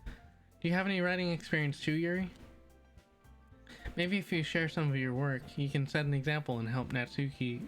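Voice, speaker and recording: A man's voice: fairly high pitch, flat delivery, moderate pace, pauses often, fairly bright tone, faint music behind, close to an everyday voice. A man voicing a confident, cheerful teenage girl who leads a school club in a visual novel, with an upbeat, persuasive manner.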